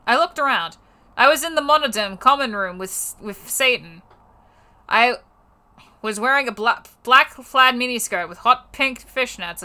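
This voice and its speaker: A woman's voice: on the high side, sharp tone. A young woman on a livestream reading a fanfiction aloud for laughs, stumbling over words and breaking off into exasperated, cursing asides. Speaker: streamer.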